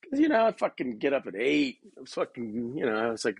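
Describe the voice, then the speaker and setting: A man's voice: mid-range voice, wildly swooping pitch, quick pace, vocal fry, slightly rough, no room sound. A young man talking casually at home in his bedroom, rambling loosely, swearing often and calling the listener man and dude while he paces. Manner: laid-back, rambling, swears a lot, says man and dude. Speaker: podcast host.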